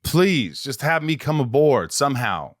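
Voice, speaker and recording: A man's voice: mid-range voice, very animated, measured pace. A man hosting a casual interview, easygoing with self-deprecating banter. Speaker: podcast host.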